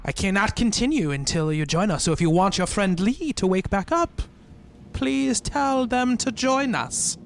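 Eerie blindfolded old crone as a man puts her on, high, slow and ominous, tabletop game. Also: animated, gravelly, slight background noise. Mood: eerie, pleading.

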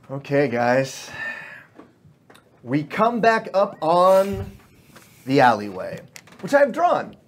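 A man runs a tabletop game, describing each scene as if a camera were moving through it. His voice is husky and somewhat rough, and his talk is full of fillers. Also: fairly high pitch, very animated, extremely slow, pauses often. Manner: cinematic scene narration with many fillers. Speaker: game master.

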